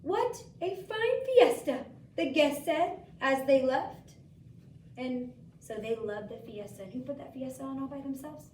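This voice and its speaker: In a school room, a woman teacher reads a picture book aloud to a child, asking gentle questions and doing lively story voices. Her voice is high-pitched at a moderate pace, picked up by an echoey far mic with a little hiss or hum.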